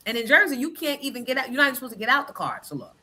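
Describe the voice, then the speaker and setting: A woman hosting a laid-back chat show, with a bright, forceful voice pitched a little high. She tells stories in an animated, profane way and often laughs through them. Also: very fast. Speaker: show host. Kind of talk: casual chat show storytelling.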